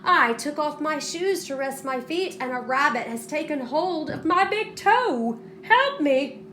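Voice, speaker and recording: A tiny, bossy male leprechaun with a shrill, high, sharp voice, put on by a woman reading a storybook aloud. The voice sits well above her usual pitch and rings in a roomy space, with faint background hum. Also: lively intonation, measured pace, exaggerated voice. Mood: pleading.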